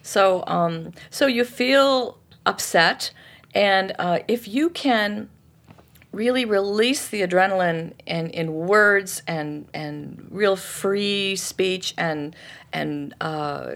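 Animated woman telling stories, in her fifties. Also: mid-range voice, slow, gravelly. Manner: animated storyteller acting out quoted voices. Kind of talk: casual conversation.

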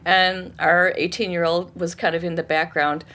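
Woman, fifties, casual guest chat; animated storyteller who acts out quoted voices. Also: on the low side, moderate pace. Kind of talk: casual conversation.

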